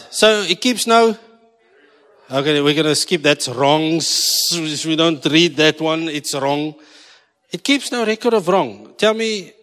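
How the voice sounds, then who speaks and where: A man's voice: fairly high pitch, a bit bright. A South African man preaching a sermon, joking with his congregation and slipping into Afrikaans. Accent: South African English. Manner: jokey, switching between English and Afrikaans. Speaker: pastor. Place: church hall. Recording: long hall reverb.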